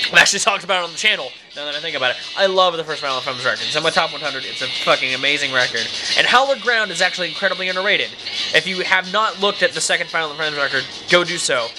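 A man's voice: on the high side, rough recording. A young man talking casually in a daily vlog, rambling and opinionated, swearing freely. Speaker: vlogger.

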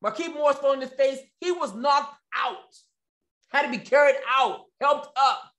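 A man's voice: very high voice, moderate pace, bright, forceful tone. A man hosting his own commentary show, ranting with sarcasm and repeating phrases for emphasis. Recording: echoey room.

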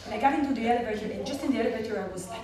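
An Israeli woman with a fairly high voice tells a personal story as a medical clown, animated, with frequent laughter and broken, restarting sentences. She sounds distant from the mic in a very echoey hall, with an audience audible around her. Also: racing, a loud crowd.

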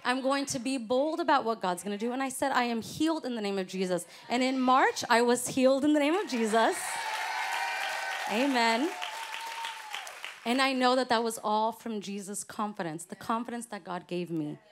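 Woman, church speaker, earnest testimony, slightly high voice, faint audience behind. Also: normal speed, crowd noise, noisy background. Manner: earnest, encouraging, faith-filled declarations. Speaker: women's conference speaker. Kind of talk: personal testimony sermon. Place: church stage before a live audience.

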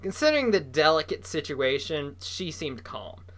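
A reader narrating a children's novel aloud, lively and voicing the characters. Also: mid-range voice, moderate pace.

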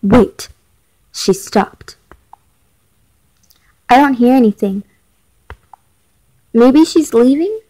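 A woman's voice: on the high side, animated, extremely slow, long pauses, mellow, full character voice, rough recording. A woman reading aloud as a frightened teenage girl who keeps pressing her mother with anxious questions in a chat story. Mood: scared.

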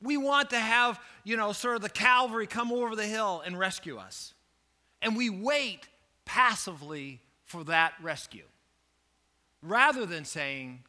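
A male pastor preaches with a high, sharp, tense voice. He tells stories in an animated way and jokes at his own expense as he makes his point. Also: a little slow. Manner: storytelling, animated, self-joking. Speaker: lead pastor. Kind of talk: sermon.

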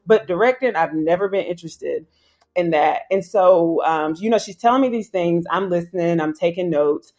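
A woman, telling an animated story as an interview guest and acting out other people's voices. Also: on the low side, moderate pace. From South Carolina, US. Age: 30s. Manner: acts out quoted voices, slangy and emphatic. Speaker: guest filmmaker. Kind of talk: animated storytelling in casual chat.

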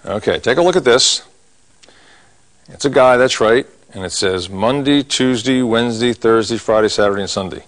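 Talking steadily at a moderate pace, a middle-aged man in the mid-range teaches how to draw a cartoon. He's folksy, narrating as his pencil moves and slipping in corny jokes along the way.

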